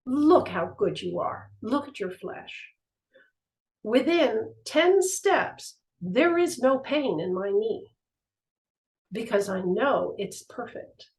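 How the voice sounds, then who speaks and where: Brief: woman spiritual teacher, lively storyteller, moderate pitch, acts out quotes. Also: rough recording. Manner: animated storytelling, acts out the voices in her stories. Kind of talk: teaching talk with personal stories.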